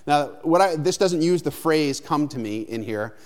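A man's voice: on the high side, animated, moderate pace, a little mellow. A man in his thirties preaching a sermon in a loose, conversational way, often checking in with "right?". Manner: conversational, frequent "right?" tags. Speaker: pastor.

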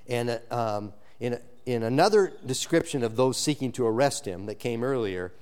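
A male pastor preaching an expository sermon, shifting between low emphatic lines and raised animated ones, often restarting his words. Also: moderate pace, clear, resonant tone. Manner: frequent restarts and repeated words.

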